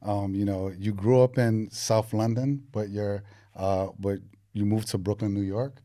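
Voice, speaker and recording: A man hosting a podcast in a laid-back way, with plenty of fillers. His voice is on the low side. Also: measured pace. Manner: relaxed, filler-heavy. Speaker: podcast host. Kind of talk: casual hosting.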